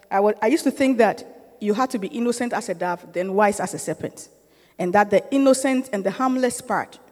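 A woman's voice: mid-range voice, a little mellow, in a large hall. A middle-aged woman giving an informal sermon-style teaching to a church group, conversational and often checking in with her listeners, growing emphatic and urging.

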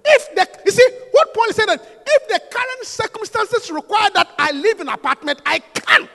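A man's voice: extremely high pitch, animated, moderate pace, gravelly, bright, forceful tone. A male preacher giving an emphatic, teasing sermon in a church. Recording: long hall reverb.

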